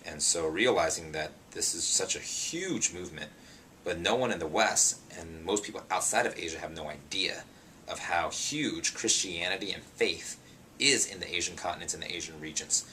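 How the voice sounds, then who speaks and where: A young man with a low, deep voice and a bright, forceful edge, speaking in a casual interview. He tells his story in an animated, chatty way, full of ums and you-knows. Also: moderate pace, a little hiss or hum. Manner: animated, chatty, many fillers like um and you know. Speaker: pastor and singer interviewed.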